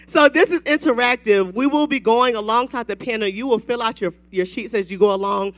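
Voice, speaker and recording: A woman emcees a women's Bible study night with lively, animated energy. Her voice is bright and pushes forward, and she leads the room with playful call-and-response. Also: fairly high pitch, brisk, no echo. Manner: animated, hypes the crowd with whoops. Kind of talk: lively church event hosting. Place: event hall with live audience.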